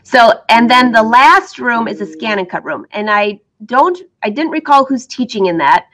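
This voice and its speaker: Middle-aged sewing lady chatting away to viewers, upbeat, bit of a high voice, laughs a lot, got the hiccups. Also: animated, moderate pace, fairly bright tone. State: has the hiccups. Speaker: sewing teacher and vlogger. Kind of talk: casual chat to viewers.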